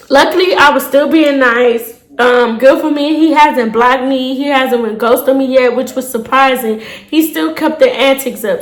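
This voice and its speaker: A young woman telling a storytime to her viewers in a casual, animated way, cursing freely and calling them y'all. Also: high voice, echoey room. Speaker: storytime vlogger.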